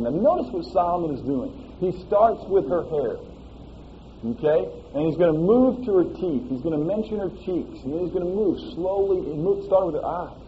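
Folksy preacher guy, kinda high voice, sermon sounds a bit muffled with faint hiss. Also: normal speed. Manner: folksy and animated, with frequent "all right?" asides.

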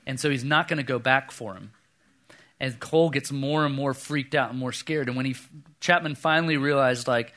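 A pastor in his thirties preaches a sermon in a medium-pitched, fairly quick voice, telling a personal story. He's an animated storyteller who acts out the voices, dropping to a hush for the quoted lines.

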